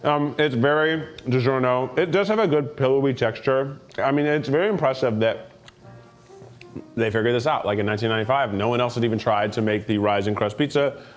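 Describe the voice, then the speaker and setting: A man's voice: mid-range voice, a little fast, soft background music. A man from Tennessee hosting a food tasting in an office, joking and reacting playfully as he eats. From Tennessee, USA. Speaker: host.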